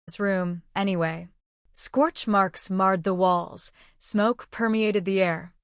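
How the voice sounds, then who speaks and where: A woman reading passages from a submitted manuscript aloud in a steady, even way. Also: medium pitch, takes it slowly, clear, resonant tone, no room sound, clean studio sound. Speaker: manuscript reader.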